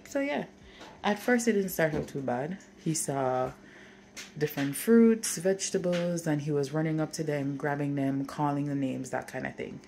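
Jamaican mom vlogging on her phone, low voice, lotta background noise. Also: moderate pace, vocal fry, mellow. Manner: chatty, storytelling, talks to her toddler in between. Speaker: lifestyle vlogger. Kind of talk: casual chat to camera. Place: car, outdoors in the cold and at home. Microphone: phone front camera.

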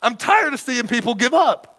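A man preaching a sermon as a church pastor, stammering and repeating words as he gets fired up, swinging from hushed to loud. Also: extremely high pitch, sing-song, moderate pace.

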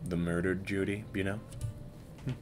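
Man, streamer, low voice, playful, casual chat with viewers. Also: fairly even intonation, normal speed, darkish tone, soft background music. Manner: playful, teasing, talks to chat while working.

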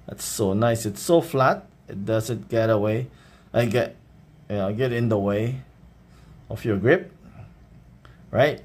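A man with a Filipino accent doing a casual unboxing vlog, showing things off in a relaxed way and often adding a questioning "right?". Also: lowish voice. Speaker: knife reviewer.

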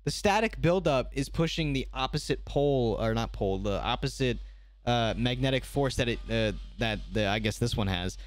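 A young man streaming his reactions to online videos, talking casually, animated and swearing freely. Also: medium pitch, normal speed, dry recording. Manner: animated, swears a lot, restarts mid-thought.

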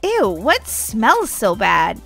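A woman hosting a family role-play game video, bratty, teasing and quick to shout. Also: on the high side, huge pitch swings, gravelly, faint music behind. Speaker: gaming channel host playing Molly.

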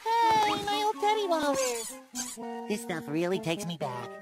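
A squeaky, excitable young cartoon sea sponge, a cheerful fry cook who chirps high and swoops all over his range. He fusses and gushes with boundless eagerness. Cartoon music plays behind. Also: a little slow, exaggerated voice. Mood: playful. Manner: bubbly and eager, fussing sweetly. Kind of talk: cartoon voice acting.

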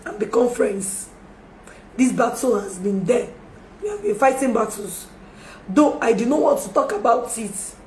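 A woman with a slightly high, slightly mellow voice records an emotional live-stream appeal on her phone. In this public apology she pleads, repeating her apologies and her requests to be forgiven, while the echoey room holds faint background noise.

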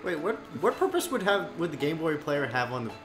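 A man's voice: on the high side, big pitch swings, fairly quick, roomy sound. Dry-witted young man co-commenting a game. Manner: dry teasing quips. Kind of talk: casual let's-play banter. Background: game music.

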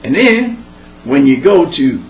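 Male comedian, playful stand-up, high lively voice, echoey room. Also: takes it slowly. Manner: playful, chatty storytelling. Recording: echoey room with faint hum.

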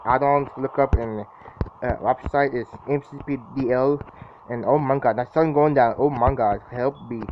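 Narrating his gameplay, this young man sounds jittery and casual, with frequent exclamations and repetition. The pitch is medium, the tone steady, the speed normal, and the dull lo-fi mic picks up clear background noise.

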